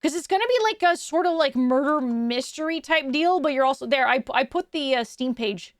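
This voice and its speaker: A VTuber streamer hosts a casual live stream, chatting with viewers in a high, bubbly, upbeat voice that's expressive and a little fast. The audio is dry and close with no room echo.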